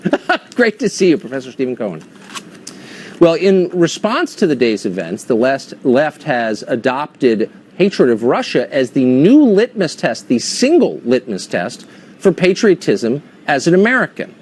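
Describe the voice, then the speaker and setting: A man's voice: medium pitch, big pitch swings, a little slow, a little mellow, slightly rough. A man hosting a cable news interview segment, asking pointed, skeptical questions. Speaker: host.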